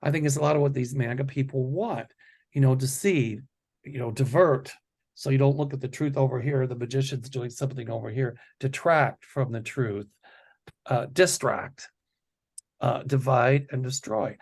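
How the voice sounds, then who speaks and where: A man hosting a psychic chat show, talking casually and stressing his points in slow, deliberate lists. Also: mid-range voice, steady tone, darkish tone, husky. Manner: deliberate, emphatic listing of words. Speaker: psychic host.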